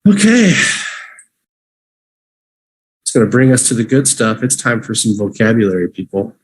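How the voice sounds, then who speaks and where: A man teaching English vocabulary on a livestream, repeating each word slowly for learners to say with him. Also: medium pitch, very animated, husky. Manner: slow, drawn-out repetition for learners.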